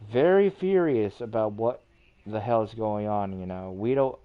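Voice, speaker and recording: A man's voice: fairly low pitch, animated, moderate pace, clear, resonant tone, narrow, tinny audio. A man hosting a livestream, ranting casually in a rambling, repetitive way and swearing often. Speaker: livestream host.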